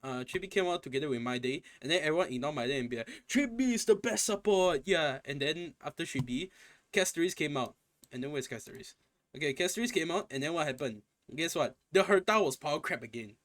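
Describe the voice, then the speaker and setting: A young man with a slightly high-pitched voice rants through a casual gaming commentary. He sounds exasperated and swears freely, tripping over himself as he repeats and restarts phrases. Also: fast, a bit bright. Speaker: gaming content creator.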